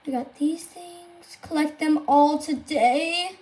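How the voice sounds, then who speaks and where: High, excitable woman gaming streamer. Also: slow pace. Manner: gushing, excitable, squeals and exclaims often. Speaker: game streamer. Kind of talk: live gameplay commentary to viewers.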